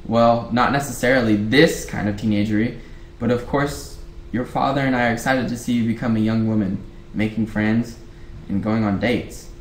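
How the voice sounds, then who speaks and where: A man's voice: lowish voice, fairly even intonation, moderate pace. Man reading a novel aloud casually. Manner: rereads lines, breaks off to chat. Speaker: book club reader. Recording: roomy echo, faint background hiss.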